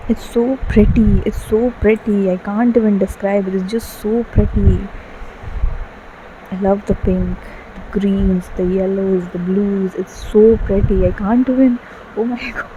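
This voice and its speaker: A woman's voice: mid-range voice, fairly even intonation, unhurried, mellow, a little hiss or hum, poor audio. A woman giving an emotional tarot reading, gushing and full of fillers, tearful at times. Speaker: tarot card reader. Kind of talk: casual tarot reading monologue.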